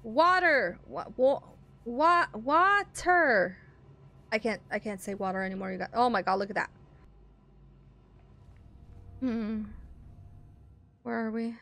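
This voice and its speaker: A woman's voice: mid-range voice, steady tone, fairly quick, vocal fry. A young woman gaming streamer giving casual let's play commentary, playful and self-mocking, with frequent exclamations.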